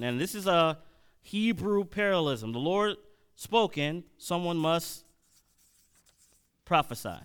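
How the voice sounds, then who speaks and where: A man preaching at a Bible study, reading scripture slowly and then speeding up with questions to the congregation. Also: on the high side, expressive, fairly bright tone, smooth. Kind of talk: sermon-style Bible teaching.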